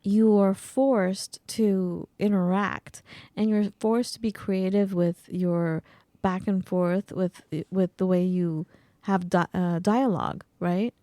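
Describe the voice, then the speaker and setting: Female co-host, mellow warm voice, playful casual chat, dry booth sound. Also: medium pitch, fairly even intonation, slow pace, no echo. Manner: playful, laughs often. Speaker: podcast co-host.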